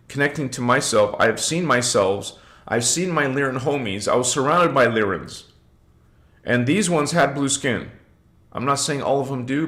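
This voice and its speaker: A man hosting a spiritual livestream from his desk, talking into a computer mic in a loose, chatty way. His voice sits at an ordinary middle pitch. He laughs often and greets viewers by name as he goes. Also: a bit bright. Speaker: livestream host. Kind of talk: casual spiritual livestream talk.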